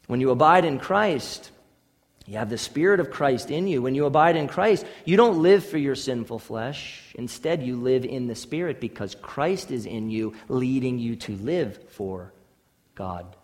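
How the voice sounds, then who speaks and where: A man's voice: mid-range voice, expressive, unhurried, big-room sound. A man preaching a sermon as pastor, emphatic, with repeated phrases and rhetorical questions.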